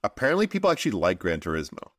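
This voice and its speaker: A man co-hosting a casual podcast, rambling through his thoughts with many fillers and sudden bursts of excitement. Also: fairly low pitch, racing, no room sound, studio quality. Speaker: podcast co-host. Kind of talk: casual chat about video games.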